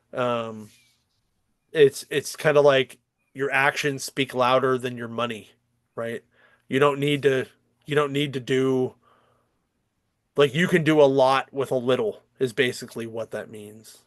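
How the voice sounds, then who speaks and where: A man's voice: medium pitch, measured pace, pauses often, no room sound, clean studio sound. A man hosting a comics podcast, chatting casually in a rambling, profane way with lots of fillers and restarts. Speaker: podcast host. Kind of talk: casual chat.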